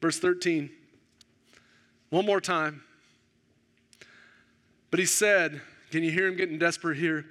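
A male pastor preaching a sermon, animated and self-deprecating, acting out the dialogue of the story. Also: fairly high pitch, a little slow, pauses often.

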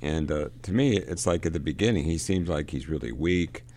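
A man leading a casual book discussion, talking in a halting way and often repeating words as he reads passages and explains them. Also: rumbling low, mellow.

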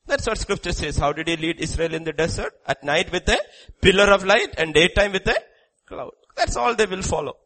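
A man preaching a sermon, swinging between loud, declaiming lines and hushed, quiet ones. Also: high voice, a little fast, low-quality recording.

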